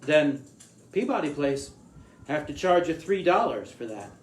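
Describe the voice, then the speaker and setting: A thrifty old taxi driver with a New England accent, as a storyteller puts him on. He speaks in clipped, stubborn phrases, a little high for a man. The room echo is clear. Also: sing-song, a little slow. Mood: terse. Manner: terse and stubborn.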